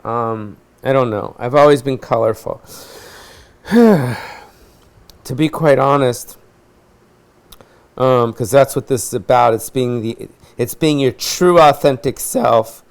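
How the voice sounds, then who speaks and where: A man's voice: medium pitch, slow, gravelly, pauses often. Rambling, profane middle-aged man. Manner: scattered, profane, loses his train of thought. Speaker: host. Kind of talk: rambling solo rant to camera. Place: his apartment.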